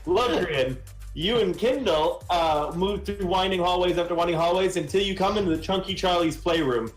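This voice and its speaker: A man's voice: sits high, moderate pace, reverberant, faint music behind, rough recording. A man narrating as game master of a tabletop game, rambling with restarts. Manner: rambling, many fillers and restarts.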